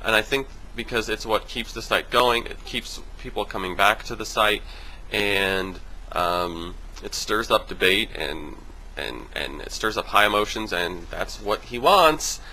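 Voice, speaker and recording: A man venting on his video blog in a casual, animated way, swearing freely and mimicking other people in high voices. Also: unhurried, a little hiss or hum, low-quality recording. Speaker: vlogger. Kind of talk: casual vlog rant.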